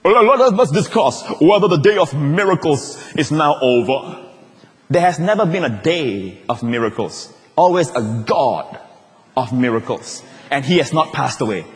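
A pastor, preaching a lively sermon with jokes and playful asides. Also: male voice, a little high, a little slow. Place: large church auditorium. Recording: long reverb of a large hall.

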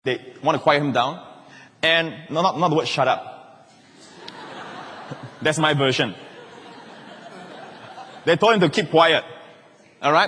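A male pastor, preaching a lively sermon with jokes and sudden shouted quotes. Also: fairly high pitch, in a large hall.

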